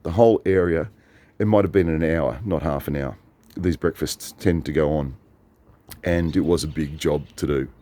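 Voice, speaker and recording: A man's voice: rumbling low, moderate pace, dark tone. An Australian man rambling through a chatty story in a casual monologue, often correcting himself. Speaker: vlogger.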